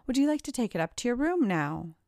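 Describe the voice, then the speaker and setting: A woman's voice: fairly high pitch, big pitch swings, quick pace, a little mellow, dry recording, studio quality, pitched above the performer's own voice. A woman voicing a polite, helpful hotel desk clerk.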